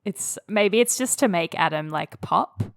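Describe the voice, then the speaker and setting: A woman co-hosts a podcast, chatting casually and giggling often. She reacts quickly to whatever her co-host says. Her voice sounds dry and close, with no room around it. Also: fairly low pitch, expressive, creaky, no echo. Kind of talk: casual chat about an anime.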